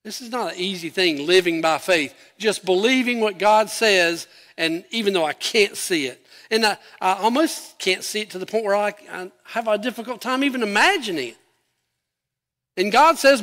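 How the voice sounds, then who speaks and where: A man preaching a sermon as pastor, animated, acting out scripture quotes with an emphatic voice. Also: high-pitched, normal speed, big-room sound.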